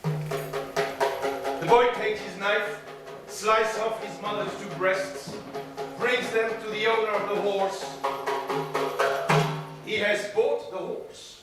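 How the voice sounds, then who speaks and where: A man telling a folk tale live on a theater stage, slow and rhythmic with repeated phrases. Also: sits high, loud music behind the voice. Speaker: storyteller. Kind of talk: live solo storytelling performance. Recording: echoey theater from far off, drums. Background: drums and percussion.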